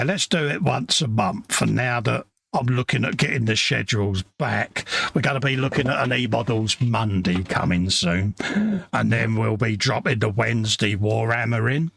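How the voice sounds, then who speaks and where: A man's voice: mid-range voice, creaky, fairly bright tone. A middle-aged man co-hosting a casual hobby livestream, joking with his partner and reading out chat comments. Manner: jokey banter, reads out chat comments. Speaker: livestream co-host.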